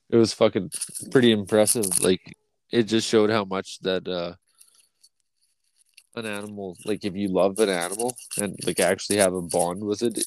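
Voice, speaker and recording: Low-voiced man in rambling stoned chat. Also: a little hiss or hum. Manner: rambling, heavy swearing, laughs often. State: stoned and yawning. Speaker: podcast host. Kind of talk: casual profane chat.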